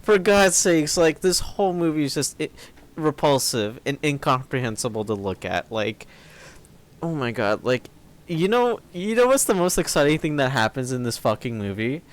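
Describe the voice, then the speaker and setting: A man's voice: fairly high pitch, big pitch swings, normal speed. A man co-hosting a podcast, complaining about films in exasperated, profane casual chat. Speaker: podcast co-host. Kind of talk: casual film review chat.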